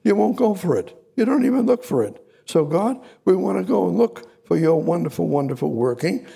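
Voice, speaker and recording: A man delivers a sermon with a gravelly, husky edge to his voice. His tone is mellow and dark, though he pitches a little higher than most men. He hammers his points home with repetition and sudden emphatic climbs. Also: very animated, fairly quick. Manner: repetitive, emphatic preaching with sudden loud high rises. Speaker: preacher.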